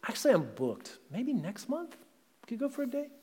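A man's voice: very high voice, huge pitch swings, normal speed, dark tone, pitched above the performer's own voice, full character voice. A male pastor putting on the offhand, lilting voice of an evasive romantic partner who keeps dodging dates.

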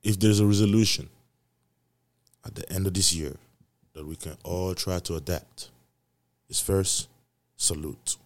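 A man with a very low voice hosts a casual solo podcast, rambling through a loose, profane monologue at a measured pace with long pauses. He preaches and repeats his points for emphasis, swinging loud on some phrases and soft on others.

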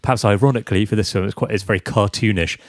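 A man's voice: lowish voice, rapid-fire, no room sound, clean studio sound. A man chatting casually as a podcast co-host reviewing a film, wry and laughing as he talks. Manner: wry, laughs while talking.

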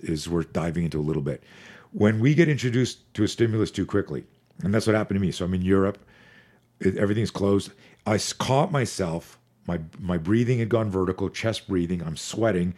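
A man in his forties, a fear management expert on a podcast, talking in an energetic, profane, storytelling way. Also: sits low. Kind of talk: podcast conversation.

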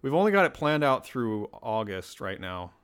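A man's voice: mid-range voice, big pitch swings, normal speed, a bit bright, clear, resonant tone. A man hosting a podcast alone, talking casually in a rambling, self-deprecating way. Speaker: podcast host. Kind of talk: casual solo podcast chat.

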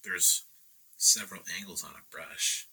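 Casting: relaxed male painter guest, very bright tone, chatty storyteller. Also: low voice, a little slow, breathy edge, rough recording. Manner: laid-back, laughing, acts out quotes. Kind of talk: casual storytelling chat.

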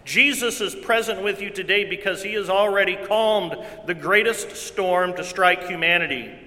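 Male pastor, sermon, bright tone, slightly high voice, repeats key lines, long church reverb. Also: moderate pace. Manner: earnest preaching with repeated phrases, swings from loud to hushed.

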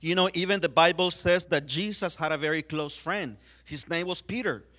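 Male preacher, high bright voice, casual sermon with lots of fillers. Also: moderate pace. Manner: conversational, many fillers, retells scenes.

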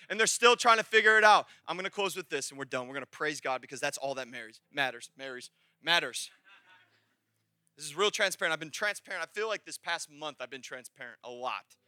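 High bright-voiced man preaching. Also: no room sound, clean studio sound. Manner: emotional testimony, swings from hushed to shouting. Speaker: pastor. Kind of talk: sermon. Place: church sanctuary.

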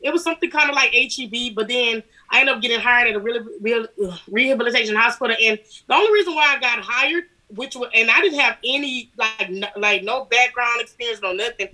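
Young Southern woman, interview guest, bubbly and laughing, higher bright voice. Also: fast, rough recording. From Alabama. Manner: lively, laughing storyteller. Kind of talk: casual interview chat.

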